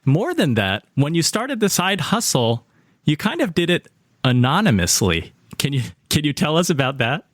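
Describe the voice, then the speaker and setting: A man's voice: a little high, wildly swooping pitch, moderate pace, a bit bright, dry recording, clean studio sound. A man hosting a podcast and asking a guest questions. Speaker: podcast host. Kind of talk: interview questions.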